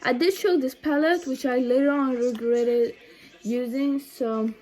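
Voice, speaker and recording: A young woman's mellow voice, fairly even in intonation and a little slow, carries a casual makeup tutorial she's vlogging at home. She rambles chattily with lots of ums and side remarks, while a phone camera set low records her.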